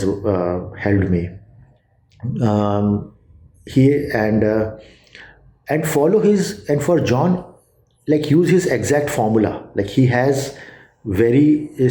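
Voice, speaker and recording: A man with an Indian accent giving a casual testimonial, halting with many fillers and restarts. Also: medium pitch, warm tone, roomy sound.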